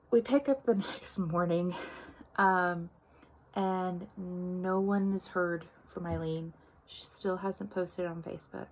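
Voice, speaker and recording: A woman giving a casual book recap, chatty and full of asides, acting out the characters as she goes. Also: medium pitch. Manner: chatty, many likes and quoted asides, acts out characters. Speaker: book reviewer.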